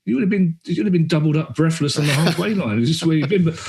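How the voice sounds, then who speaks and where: A middle-aged man, a comedian guest on a podcast, chatting casually and acting out quoted voices with quick asides. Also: a little high, darkish tone. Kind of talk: casual chat.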